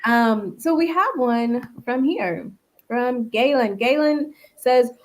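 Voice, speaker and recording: A woman hosting a casual interview, reading out viewer questions and lively when she acts out what people told her. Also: fairly high pitch, takes it slowly, crowd noise. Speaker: host.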